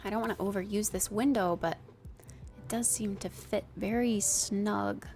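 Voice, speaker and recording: A woman's voice: medium pitch, a little slow, darkish tone, soft background music. A woman streamer thinking aloud in a casual, playful way while she builds in a game. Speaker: live streamer.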